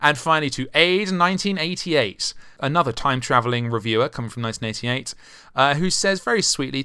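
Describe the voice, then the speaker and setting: A man's voice: medium pitch, animated, fairly quick, few pauses, bright, forceful tone, smooth, no echo, studio quality. A man hosting a podcast and narrating a tabletop game as game master, with jokey, wry asides.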